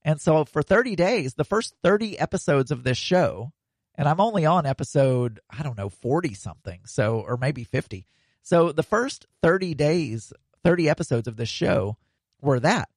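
A man's voice: a little high, animated, normal speed, no room sound. A man hosting a casual solo podcast, rambling with plenty of fillers and restarts.

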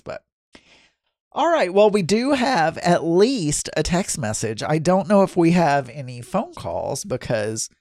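A middle-aged man hosts a daily solo podcast, talking in a loose, rambling, chatty way. His pitch swings widely as he goes, and he pokes fun at himself. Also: a little mellow, no echo, clean studio sound. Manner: rambling, chatty, self-deprecating. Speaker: podcast host. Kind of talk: casual solo chat.

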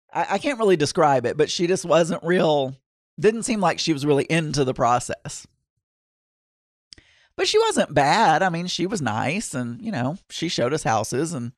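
A man's voice: on the high side, no room sound, studio quality. A man casually telling a long personal anecdote in a rambling way, full of fillers and restarts.

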